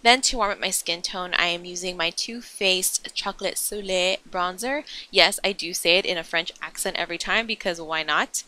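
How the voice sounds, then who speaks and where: A woman's voice: fairly low pitch, bright, forceful tone. A young woman talking through a makeup tutorial in a chatty, enthusiastic voice-over, explaining each step as she goes. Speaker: beauty vlogger.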